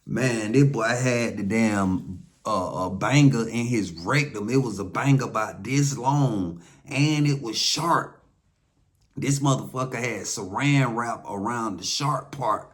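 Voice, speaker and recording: Southern man from Atlanta, mid pitch, telling a story loose and profane, jumps into quoted voices. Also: takes it slowly. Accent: Southern American, Atlanta. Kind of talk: casual first-hand storytelling.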